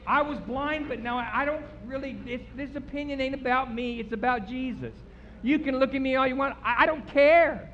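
A man's voice: extremely high pitch, a little fast, fairly bright tone. A man preaching a sermon in a church, emphatic and folksy, repeating words for effect. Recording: slightly dull recording with faint background noise.

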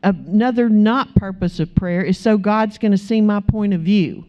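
A woman delivers a sermon full of stories. Her voice is warm and mellow at a middle pitch, and she gets animated as she acts out the people in her stories. The recording is slightly dull and lo-fi. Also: normal speed. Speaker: preacher, pastor's wife. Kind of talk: sermon with storytelling.

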